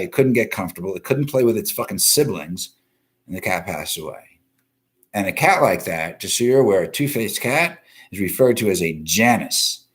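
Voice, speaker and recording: A man from the US East Coast hosts a live-stream news show, ranting bluntly and profanely while greeting viewers from the comments. His voice is on the low side and a bit bright.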